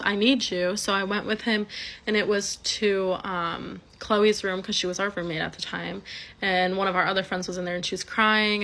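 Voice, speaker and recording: A woman's voice: medium pitch, sharp tone. A young adult woman telling a personal story in a casual monologue, rambling with lots of "like" and "um" and some swearing. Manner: rambling, heavy use of "like" and "um", swearing.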